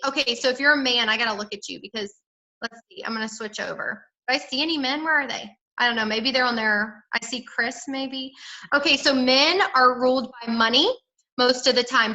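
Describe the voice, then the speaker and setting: Upbeat woman, sales team leader, high and bright, direct coaching over a video call. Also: low-quality recording. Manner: upbeat, direct, peppy sales pep talk.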